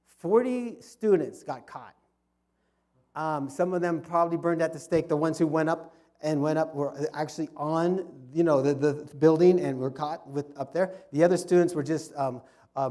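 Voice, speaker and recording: A man with a dark-toned voice on the high side gives an informal history talk in a fellowship hall. Speaking for a history club, he tells the story with frequent restarts and repeated words.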